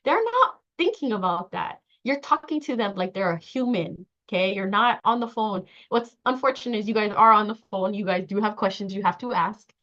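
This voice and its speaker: Lively woman trainer, lo-fi sound. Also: mid-range voice, a little fast, hardly any pauses. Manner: lively, acts out quoted dialogue, laughs often. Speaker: trauma-informed care trainer. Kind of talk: workshop training talk. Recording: dull lo-fi sound.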